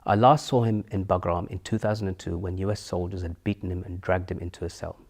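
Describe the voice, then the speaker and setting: A middle-aged man narrating his own memories in a solemn, measured and earnest way. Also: deep voice, fairly even intonation, creaky. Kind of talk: reflective memoir narration.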